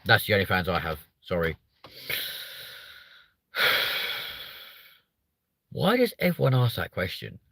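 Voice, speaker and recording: A man's voice: sits low, huge pitch swings, fast, creaky, few pauses, fairly bright tone, dry recording. A young man hosting a live stream, chatting with viewers in a sweary, joking, rambling way. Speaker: live show host.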